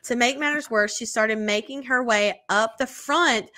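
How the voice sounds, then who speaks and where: A woman co-hosts a casual podcast, talking frankly and swearing freely as she reads listener emails. Her voice has a bright, forward tone. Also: a little high, a little slow, hardly any pauses.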